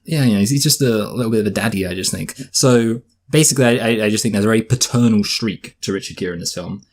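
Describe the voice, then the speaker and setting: A man with a husky, lowish voice talks fast through a casual film review. He rambles and restarts often, with a jokey tone. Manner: rambling, self-correcting, jokey. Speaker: podcast co-host, film reviewer.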